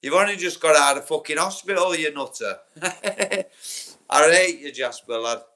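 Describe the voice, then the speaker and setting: A man's voice: fairly high pitch, animated, normal speed, sharp tone. A young man with a Yorkshire accent, chatting bluntly and swearing on a livestream, answering viewers by name. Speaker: livestream host. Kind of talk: casual livestream chat.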